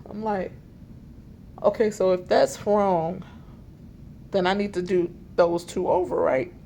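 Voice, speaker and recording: A woman tells a storytime vlog in an animated, exasperated voice with a gravelly, fry-laced edge, filming herself inside a hospital library. She talks at a mid pitch and acts out both sides of the conversation. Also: slow pace, a little hiss or hum. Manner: animated, exasperated retelling with quoted dialogue. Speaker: vlogger. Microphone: self-filmed camera.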